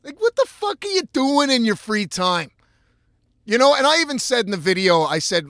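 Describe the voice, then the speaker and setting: A man's voice: very high voice, very animated, moderate pace, fairly bright tone, no room sound, studio quality. A man hosting a casual solo podcast from inside his van, ranting with lots of swearing and restarts. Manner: profane, exasperated ranting with frequent restarts. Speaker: podcast host.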